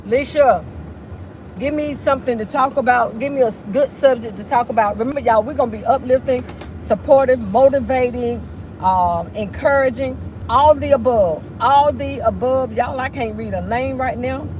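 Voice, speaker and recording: A woman's voice: on the high side, moderate pace, darkish tone, a little hiss or hum, rough recording. A woman hosting a casual livestream while driving, chatty and sing-song as she greets viewers. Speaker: livestream host. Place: in a car.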